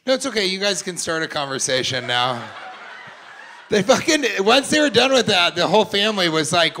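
Before a live crowd in a comedy club, a stand-up comic teases people in the audience with brash, profane crowd work, mimicking them in mocking voices. He sounds high-pitched and sing-song, brisk and sharp, with slight background noise.

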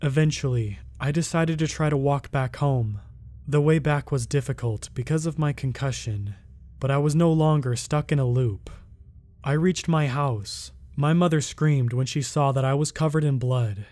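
Brief: male horror narrator, mid-pitched, steady, measured first-person storytelling. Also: no echo.

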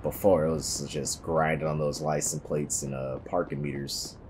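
A man with an extremely low, deep voice chats through a police game, tossing out joking, wry remarks about what he sees. His tone is casual and conversational. Clear background noise runs under the recording. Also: little pitch movement, moderate pace. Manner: joking, wry running commentary. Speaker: gameplay commentator.

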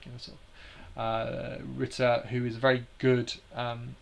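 A man's voice: mid-range voice, monotone, moderate pace, vocal fry. A man hosting a live stream, explaining slides in a hesitant way with many fillers and restarts.

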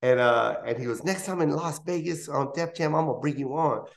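A man in his fifties, a stand-up comic, talks through his stories in a slightly high voice. He jumps into lively impressions of the people in each anecdote, and his pitch keeps rising and falling. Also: brisk, creaky. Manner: animated, acts out voices in anecdotes. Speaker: comedian guest. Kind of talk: interview storytelling. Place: interview studio.

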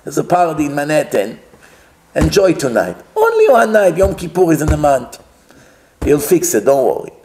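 A man voicing a persuasive inner tempter that urges someone to sin, in a softer, wheedling tone. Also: on the high side, huge pitch swings, moderate pace, slight background noise. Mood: coaxing.

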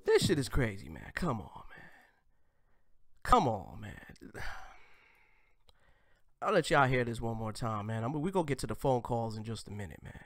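Animated man hosting crude reaction commentary. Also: mid-range voice, normal speed, pauses often, no echo, clean studio sound, soft background music. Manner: crude, teasing, jokey commentary with sudden whispers. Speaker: host. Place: home.

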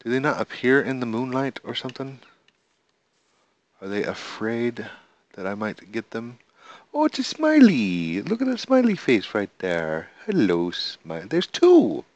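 A man casually commenting on his own gameplay, excitable and talking to the animals and monsters he meets. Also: medium pitch, moderate pace, no room sound, lo-fi sound. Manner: excitable, talks to the animals and mobs in the game. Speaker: gamer. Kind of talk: casual let's-play commentary. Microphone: desk microphone.

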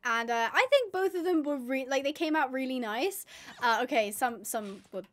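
A woman's voice: high-pitched, lively intonation, normal speed. A young woman chatting casually through gameplay as a video host, rambling with fillers and self-corrections. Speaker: gaming YouTuber.

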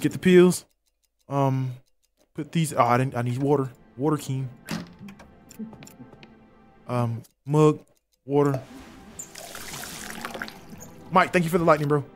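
A man's voice: medium pitch, measured pace, pauses often, faint music behind. A young man streaming a game live, commenting in an exasperated, profane way and repeating himself. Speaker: gaming streamer.

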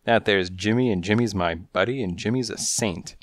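A man voicing a menacing male gangster alley cat with a raspy voice and tough-guy street slang, in a storybook reading. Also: lowish voice, moderate pace, dry recording, clean studio sound, natural voice. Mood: scornful.

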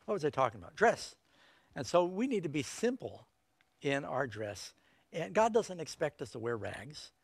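A man's voice: fairly high pitch, big pitch swings, normal speed, vocal fry, husky, no room sound. A middle-aged male preacher giving an evangelistic sermon in a folksy, emphatic way, with joking asides.

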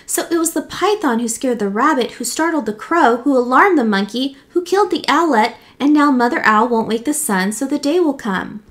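A woman's voice: sits high, lively intonation, moderate pace, few pauses, a bit bright, voice pushed up. A woman voicing a proud male lion king who pronounces judgment in a storybook read-aloud. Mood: solemn.

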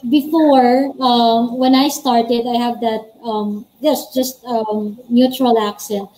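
Higher-pitched woman explaining. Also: fairly even intonation, takes it slowly, dark tone, low-quality recording. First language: Filipino. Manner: practical, explaining step by step. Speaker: guest, former call center agent. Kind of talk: interview answers on a live stream.

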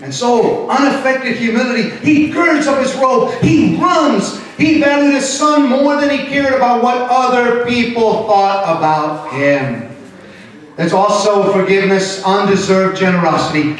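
A middle-aged man preaches a sermon with animated delivery and a fairly high voice. He is picked up from some distance in a very echoey church hall. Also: unhurried. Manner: animated, switches into Spanish, acts out quotes. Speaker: pastor. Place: church sanctuary.

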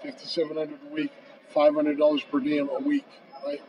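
A man in his fifties, a podcast guest, telling a long anecdote with lively acted-out dialogue and frequent "bro.". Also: fairly high pitch, a little fast. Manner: lively storyteller acting out both sides of phone calls, says "bro" often. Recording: distant, dull and noisy.

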